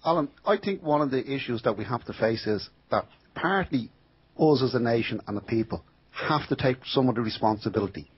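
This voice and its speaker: A man's voice: mid-range voice, lively intonation, a little fast, slightly rough, muffled recording. A man speaking as a guest, urging listeners in an impassioned, repetitive appeal. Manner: exhorting, urgent, repetitive. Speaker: caller or guest.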